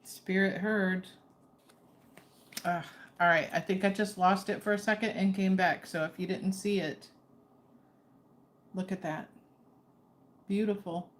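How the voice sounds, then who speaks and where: A woman's voice: medium pitch, fairly even intonation, measured pace, pauses often. A woman giving a casual, chatty tarot reading, often breaking off to coax her dog over. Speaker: tarot reader.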